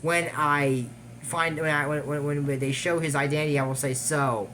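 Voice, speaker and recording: A man recapping an animated series in a casual, digressive way, trailing off with fillers and little laughs. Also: on the high side, moderate pace, slight background noise. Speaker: YouTube recap host. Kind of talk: casual rambling episode recap.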